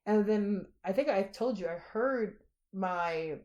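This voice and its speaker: A woman hosting a casual podcast, talking in an expressive, emphatic way and swearing freely. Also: mid-range voice, slow, lo-fi sound. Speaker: podcast host. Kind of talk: casual chat.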